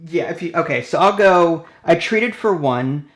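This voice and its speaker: A man's voice: fairly high pitch, lively intonation, measured pace. A man hosting a board game session, counting out his moves and reading the rules aloud as he goes. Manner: thinks aloud, counts out actions, reads rules step by step. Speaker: board game channel host. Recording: roomy echo.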